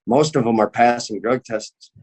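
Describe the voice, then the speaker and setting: A man's voice: mid-range voice, normal speed, darkish tone. A young man, an MMA fighter, telling a story in casual chat, cursing constantly and acting out the people he quotes.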